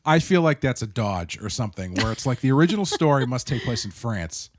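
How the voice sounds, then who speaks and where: A man on a film podcast, speaking in a laid-back, anecdotal way with many fillers. His pitch is ordinary and the sound is dry and close, with no room echo. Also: fairly quick. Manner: relaxed, anecdotal, filler-heavy. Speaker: podcast co-host. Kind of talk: casual film discussion.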